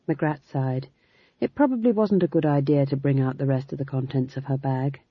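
A woman narrating an audiobook in a measured, expressive way. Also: extremely low pitch, husky, no room sound. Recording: dull lo-fi dry recording.

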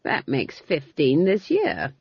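A woman doing a proud old witch from a storybook, stern and disapproving. She speaks slowly in a husky voice. The recording sounds muffled and dry. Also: deep voice, huge pitch swings, no room sound, exaggerated voice. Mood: brusque.

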